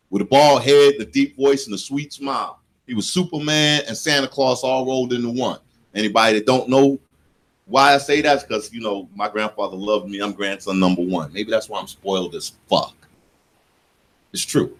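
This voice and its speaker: A man in his forties from the United States hosts a radio show in a studio, talking casually with a medium pitch. He tells stories in an animated, joking way and laughs at himself.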